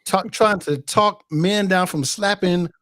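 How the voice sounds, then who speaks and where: A man's voice: high-pitched, a little slow, a bit bright. A man co-hosting a podcast, casually teasing and scolding his co-host, often laughing as he talks. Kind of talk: casual chat.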